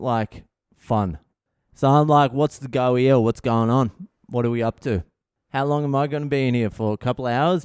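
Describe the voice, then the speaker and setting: A man tells a story on his podcast in a relaxed, profanity-laden way. His voice is smooth and even, recorded close and dry, and his chest is sore. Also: mid-range voice, no room sound. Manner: profane, laid-back storytelling. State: sore chest, short of breath. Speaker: comedian podcast host. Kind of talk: casual storytelling monologue. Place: hospital.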